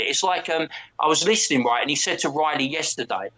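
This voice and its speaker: A man with a London accent talks in a bright, forceful voice, pitched a little high. He tells stories bluntly and swears freely in casual chat as a co-host. His delivery is animated and loud. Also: brisk. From England. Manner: blunt, profane, animated storytelling.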